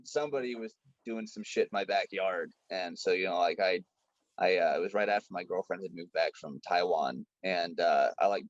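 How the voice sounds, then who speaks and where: A man's voice: low-pitched, dry recording, muffled recording. A young man telling stories on a podcast in a casual, profane way, acting out the lines of the people in them. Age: young adult. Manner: animated, profane, acts out quoted dialogue. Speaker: podcast guest. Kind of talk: casual storytelling chat.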